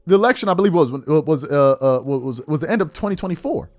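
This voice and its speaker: A man's voice: fairly high pitch, expressive, fast talker, darkish tone, no echo, clean studio sound, faint music behind. A middle-aged man hosting a political commentary monologue, incredulous and full of rhetorical questions.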